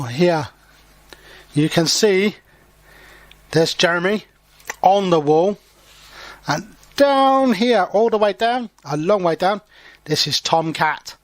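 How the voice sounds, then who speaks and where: A man whose voice sits on the high side, with a fairly bright tone, reads a children's story aloud as an English teacher for learners. He goes slowly and clearly, pausing to explain words in simple terms, in a dry recording.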